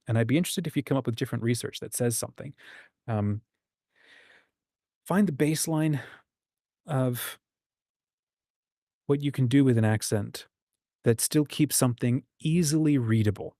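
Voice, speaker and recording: A man's voice: medium pitch, normal speed, pauses often, mellow, no room sound, studio quality. A man hosting a casual livestream about writing, reading out viewer comments and musing aloud with frequent ums and restarts. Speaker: host.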